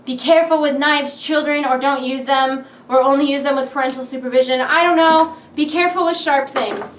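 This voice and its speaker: A woman's voice: sits high, steady tone, brisk. A woman hosting an unboxing vlog, giddy and bubbly, exclaiming and singing to herself as she opens a new keyboard. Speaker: unboxing vlogger. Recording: echoey room with faint noise.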